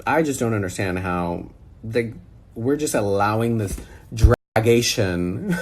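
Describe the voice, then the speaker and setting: A man's voice: lowish voice, slow, slightly rough. A man chatting casually over a phone call, reacting to a video in an incredulous, sassy way.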